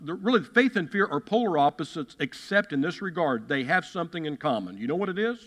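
A man's voice: on the high side, animated, fast, fairly bright tone. A man preaching a sermon as a pastor, emphatic, repeating key phrases and acting out the quotes he reads. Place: church sanctuary. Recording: long hall reverb.

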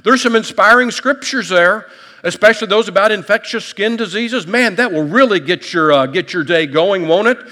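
A man's voice: high-pitched, moderate pace, sharp tone, long reverb tail. A male pastor preaching a sermon in a conversational, folksy way, with light humor and frequent restarts. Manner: repeats words and restarts often.

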